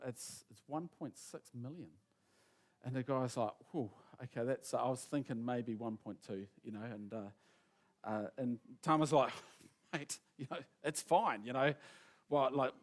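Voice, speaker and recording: A man gives a sermon, his voice sitting a little higher than most men's. He rambles through an anecdote in a casual way and acts out each person's lines as he quotes them. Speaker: preacher. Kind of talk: sermon storytelling.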